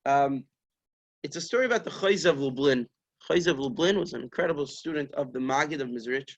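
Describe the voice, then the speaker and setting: A man, a rabbi, giving a sermon as an animated storyteller who acts out the figures of the story with Yiddish-flavored phrasing. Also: medium pitch, a little fast, dull audio.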